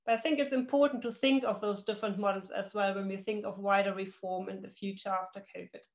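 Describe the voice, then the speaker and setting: A woman speaks in a measured, thoughtful way, presenting at a webinar. Her pitch sits in the middle for a woman. The video call audio is dull and lo-fi. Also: fairly even intonation.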